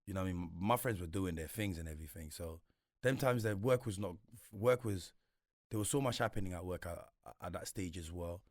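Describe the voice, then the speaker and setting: A man's voice: low-pitched, a little fast, no room sound, clean studio sound. A young man with a London accent, telling stories from his life in a casual interview, full of street slang and acted-out quotes. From Congo. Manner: London slang, animated retelling with voiced quotes. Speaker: guest.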